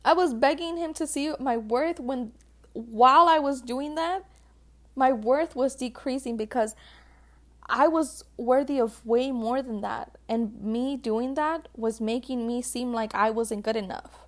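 A woman's voice: high-pitched, measured pace. A woman vlogger talking casually and emotionally to her viewers about relationships, full of "like" and calling them sis and babe. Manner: chatty, emotional, calls viewers sis and babe, many likes. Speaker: vlogger giving relationship advice. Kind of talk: casual heartfelt talk to viewers.

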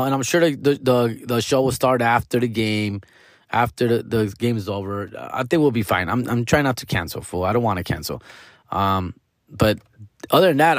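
A man's voice: medium pitch, no room sound, clean studio sound. A man in his forties hosting a comedy podcast, rambling casually in slangy, profane talk with Spanish words mixed in. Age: 40s.

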